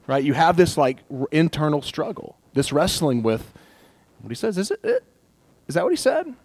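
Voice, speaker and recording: Young male pastor, animated, slips into acted inner voices, dry close mic. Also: fairly high pitch, normal speed, no room sound. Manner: animated, laughs often, acts out inner voices. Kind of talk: casual sermon.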